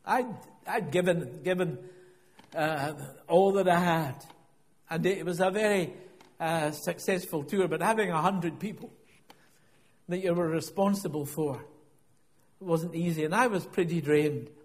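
A man's voice: on the high side, unhurried, in a large hall. A middle-aged man preaching a sermon, telling a personal story in a reflective way and often repeating and restarting his words.

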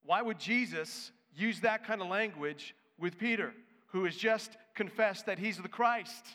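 A man's voice: sits high, measured pace, bright, forceful tone. A male pastor preaching a sermon in an emphatic, conversational way. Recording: echoey hall.

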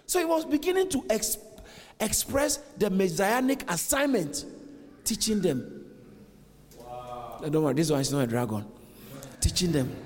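A man preaches with lively swings of pitch in a slightly raised voice. He acts out the scripture voices as he goes. His words ring with the long reverb of a church hall. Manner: animated preaching, acts out dialogue. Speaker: pastor. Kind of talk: sermon.

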